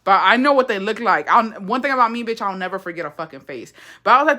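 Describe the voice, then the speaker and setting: With a sharp, mid-range voice whose pitch swoops wildly, a young Texan livestreamer tells a story at a moderate pace, pausing often. The indoor storytime is casual, blunt and heavy with swearing, with Spanish phrases mixed in.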